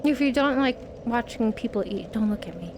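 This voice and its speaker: Woman, game streamer, casual live commentary; high bouncy voice, loud game sound underneath. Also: fairly quick, vocal fry, background noise. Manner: excitable, yelps and swears at the game, chats to viewers.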